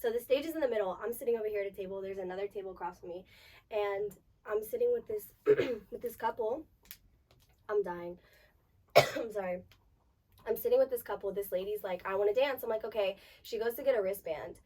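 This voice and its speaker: A young woman co-hosting a podcast, telling club stories in casual chat with an animated, profane delivery. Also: medium pitch, fairly quick, distant mic. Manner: animated, profane, bursts of laughter. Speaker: podcast co-host.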